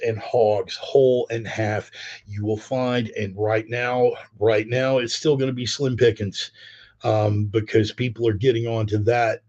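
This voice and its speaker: A man from California hosting a podcast, ranting bluntly with heavy swearing and animated asides. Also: lowish voice, muffled recording. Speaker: podcast host. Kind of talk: profane rambling rant.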